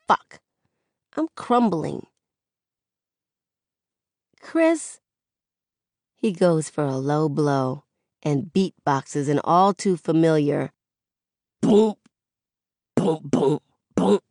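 A woman narrates a first-person audiobook in a frank, conversational voice that gives each thought its full weight. She takes her time and sits slightly low in pitch. The close studio sound is dry and free of room echo. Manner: candid, conversational, expressive.

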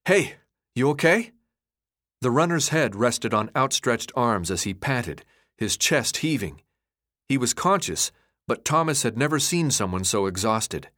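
A man narrates a novel with expressive storytelling. His pitch sits mid-range but moves in lively arcs through each sentence. It is a scripted audiobook reading. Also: unhurried.

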